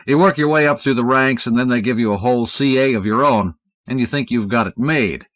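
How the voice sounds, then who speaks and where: A man reading an audiobook aloud in an expressive narrating style. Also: medium pitch, a little fast, no echo. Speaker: audiobook reader. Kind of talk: scripted narration. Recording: dull, dry 1970s audiobook recording.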